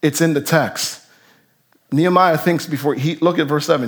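A man preaching a sermon as pastor, animated, his voice jumping up for emphasis and then dropping low. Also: a little slow, long pauses. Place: church sanctuary.

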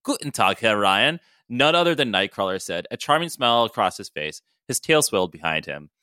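A man reading a comic story aloud on a podcast, breaking off for asides. His voice is bright and swings widely in pitch, recorded close and dry. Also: sing-song, brisk, clean tone, dry recording. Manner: reads with frequent laughter and asides. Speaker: podcast co-host.

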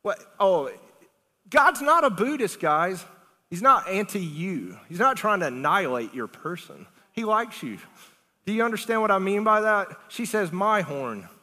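Bright-voiced animated preacher man. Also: high-pitched, normal speed. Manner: animated, conversational preaching with big swings in loudness; asks the congregation questions, laughs often. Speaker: pastor. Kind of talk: sermon. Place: church sanctuary. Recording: long reverb of a church hall.

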